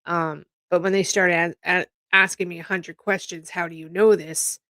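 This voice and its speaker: A middle-aged woman chats with blunt exasperation, her voice sitting a little low. She swears freely as she vents. The sound is dry and close. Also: flat delivery, moderate pace, sharp tone, dry recording. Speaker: psychic channel host. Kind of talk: casual chat.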